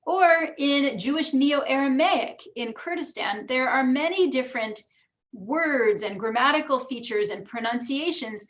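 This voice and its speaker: An American woman with some New York vowels giving an academic lecture with slides, explaining clearly and demonstrating pronunciations aloud. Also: high-pitched, measured pace. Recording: dull lo-fi recording.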